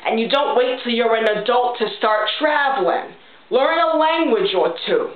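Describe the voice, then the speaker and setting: A woman's voice: fairly high pitch, animated, normal speed, close to an everyday voice. A woman voicing a brash, foul-mouthed, chain-smoking middle-aged mother, ranting bluntly and punctuating her points with "okay?". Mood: indignant rant. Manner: blunt, ranting, profane, keeps saying okay. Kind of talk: character vlog monologue. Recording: tinny phone-like sound in an echoey room.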